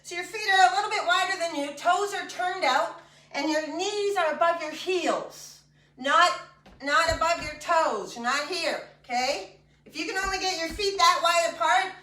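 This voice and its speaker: A high-voiced woman leads an exercise class, chatty and joking as she calls out each move. Her voice is bright and carries. It is picked up from a distance in an echoey room. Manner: chatty and joking between cues. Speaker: fitness instructor. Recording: echoey room, mic far off.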